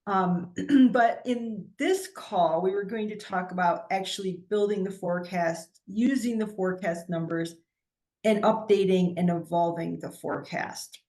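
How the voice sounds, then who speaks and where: Woman guest on a video call, explains stuff, lots of restarts, middle pitch. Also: darkish tone. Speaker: guest finance expert. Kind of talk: casual video call discussion.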